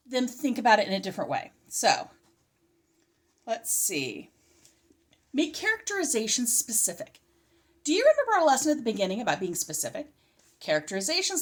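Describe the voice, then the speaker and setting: A middle-aged woman in a casual, chatty homeschool curriculum review, slightly out of breath and often interrupting herself. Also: high voice. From California. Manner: chatty, animated, self-interrupting. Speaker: homeschooling vlogger.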